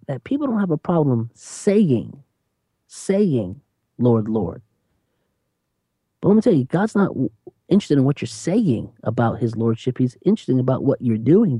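An animated preacher who talks emphatically in conversation, laughing between points and slowing down to stress key phrases. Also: mid-range voice, slightly rough, no echo, clean studio sound. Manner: lively, emphatic, repeats "you know what I'm saying".

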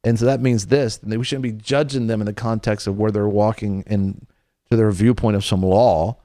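Middle-aged male host preaching on a faith talk show, lowish voice, earnest and chatty, dry close mic. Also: fairly even intonation, moderate pace, dark tone, no echo. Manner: earnest, conversational, with repeated restarts.

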